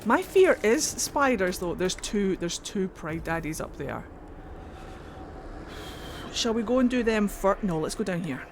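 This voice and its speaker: A woman streamer talking casually over a game, excitable and given to swearing. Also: medium pitch, measured pace, long pauses, a little hiss or hum. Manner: excitable, swears and laughs a lot. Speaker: gaming streamer. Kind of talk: casual let's-play commentary.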